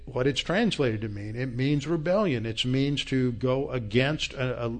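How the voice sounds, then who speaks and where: Man teaching a sermon, explaining unhurriedly. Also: mid-range voice. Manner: unhurried, explanatory, with frequent fillers and restarts. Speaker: pastor.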